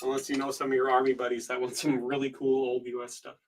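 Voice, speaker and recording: A man's voice: medium pitch, monotone, quick pace, rough recording. A man auctioneering on a live stream from home, chatty and easygoing, with plenty of filler ums. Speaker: online auctioneer.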